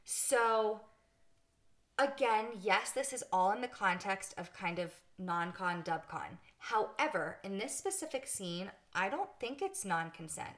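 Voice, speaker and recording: Candid, animated woman podcast co-host. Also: mid-range voice. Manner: candid and animated, quick to laugh at herself. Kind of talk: casual book discussion chat.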